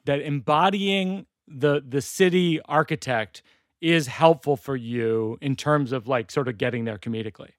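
Man chatting with halting restarts. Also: medium pitch, no room sound, studio quality. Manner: quick, halting restarts, playful impressions. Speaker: podcast host. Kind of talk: casual chat about comedy.

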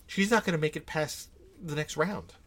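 A man's voice: on the high side, normal speed, a bit bright. A young man co-hosting a podcast in a laid-back casual chat, full of filler words. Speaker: podcast co-host.

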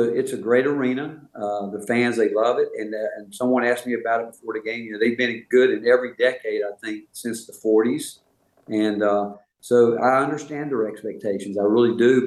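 An older man with a Southern American accent speaks in a fairly low voice. He answers as a college basketball coach, folksy and measured, with plenty of fillers. His voice comes through with a roomy echo. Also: a little mellow. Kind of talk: interview answers.

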